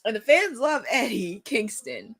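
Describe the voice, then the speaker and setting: A young woman hosting a live watch-along, chatting and reacting excitedly with frequent laughs. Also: a little high, unhurried, husky.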